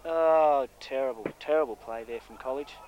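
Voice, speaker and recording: A man's voice: mid-range voice, moderate pace, dull audio, a little hiss or hum. A man with an Australian accent, a chatty, wisecracking co-commentator on an amateur rugby league match. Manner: chatty, wisecracking, says "mate" often.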